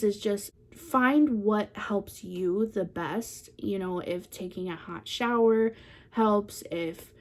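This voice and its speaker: A young woman speaks to her channel in a soft, candid voice of middle pitch. She drifts through fillers and trailing pauses as she tells a personal story. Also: gravelly. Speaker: vlogger.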